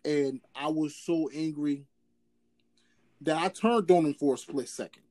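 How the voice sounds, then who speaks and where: A man's voice: fairly high pitch, unhurried, darkish tone. A man co-hosting a casual sports chat, emphatic and repetitive, stammering as he starts his sentences. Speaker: podcast co-host.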